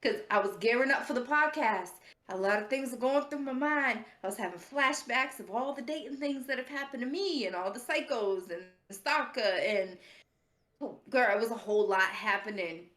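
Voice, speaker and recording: Woman podcast co-host, sassy and laughing, a bit high-voiced, roomy echo. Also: normal speed. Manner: sassy, animated storyteller who laughs often. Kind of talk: casual storytelling chat.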